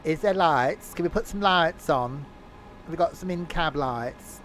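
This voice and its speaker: A man's voice: fairly high pitch, lively intonation, a little slow, a bit bright, slight background noise. A man giving live gameplay commentary as a streamer, rambling and joking to himself as he plays. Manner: rambling, jokey talking to himself. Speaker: game streamer.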